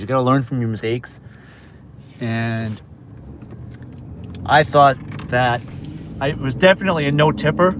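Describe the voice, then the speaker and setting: A man from New York chatting casually with viewers on a livestream while he drives deliveries in his car, with road noise behind him. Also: medium pitch. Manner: chatty, talks to viewers while reading orders aloud. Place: inside a car on city streets. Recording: phone mic with road noise. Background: car and traffic noise.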